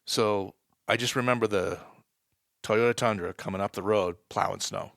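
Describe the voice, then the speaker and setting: A low-pitched man with a gravelly New England voice recounts a hunt in a podcast interview. The sound is dry and close, with no room around him. He builds excitement as the story peaks. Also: normal speed, dry recording. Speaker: guest, wildlife department staff.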